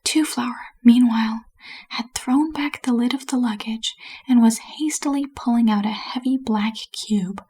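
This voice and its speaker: Woman, whispered role-play, bedtime story reading, breathy, slightly high, soft and unhurried.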